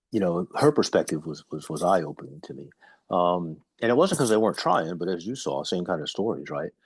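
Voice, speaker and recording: Deep husky man in his fifties. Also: no echo. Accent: American. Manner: animated anecdotes, frequent ums. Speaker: retired navy captain guest. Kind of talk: conversational podcast interview.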